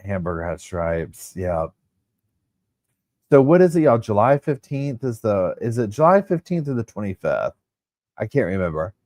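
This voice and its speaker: A man's voice: on the low side, moderate pace, no echo, clean studio sound. A man hosting a casual livestream, chatting with his viewers. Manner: chatty, animated, talks to viewers as y'all. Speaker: livestream host. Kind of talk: casual live chat with viewers.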